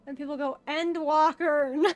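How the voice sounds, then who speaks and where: A woman's voice: high voice, normal speed, dull audio. A woman streamer chatting casually while she plays, rambling and laughing easily. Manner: rambling, laughs often, fillers like "bro". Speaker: streamer playing an online game. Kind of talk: casual livestream chat.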